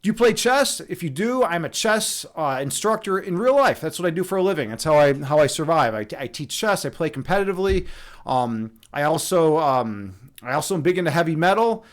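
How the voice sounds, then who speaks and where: Young man, high-pitched, casual livestream chat, absurdist jokes, many fillers. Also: expressive, fairly quick. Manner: rambling, joking, absurdist, lots of fillers and restarts. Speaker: livestream host and meditation instructor.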